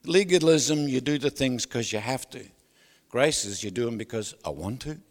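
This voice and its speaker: A man preaching a sermon, loud and animated, who keeps asking the crowd for agreement and drops joking asides with laughs. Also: medium pitch, moderate pace. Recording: long hall reverb.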